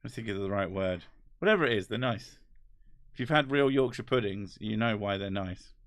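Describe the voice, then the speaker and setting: A man's voice: on the low side, a little fast, dry recording, clean studio sound. A man with an English accent, hosting a casual chat, rambling and wry with casual swearing. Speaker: host. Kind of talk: casual chat reading comments.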